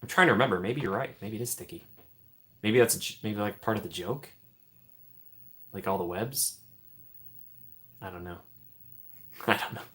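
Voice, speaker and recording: A man's voice: on the low side, moderate pace, long pauses. Chatty young man hosting a live stream. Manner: chatty, laughs often, trails off into soft mumbles. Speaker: livestream host. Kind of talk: casual live-stream chat.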